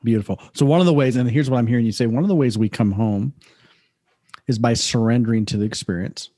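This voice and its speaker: A man hosts a conversational podcast with a voice of middling pitch. He talks in a reflective, affirming way. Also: quick pace, dark tone. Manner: affirming, reflective, often says "beautiful". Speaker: podcast host.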